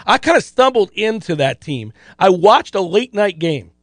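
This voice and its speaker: A man with a notably high voice runs through his betting picks in casual, rambling podcast talk. He circles back on himself, stumbles over words and laughs often. The sound is close and completely dry, with no room around it. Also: big pitch swings, normal speed, no echo. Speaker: sports betting co-host. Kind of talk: casual sports betting chat.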